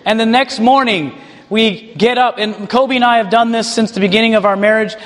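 Guy with a high voice telling his faith story, chuckling, lots of echo like a big hall. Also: moderate pace. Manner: animated, chuckles while telling stories. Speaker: ministry leader. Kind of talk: personal testimony storytelling.

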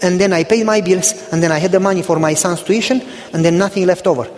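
High-voiced Romanian-born pastor preaching. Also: male voice, fast, big-room sound. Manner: animated storytelling, acting out dialogue. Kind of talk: storytelling sermon.

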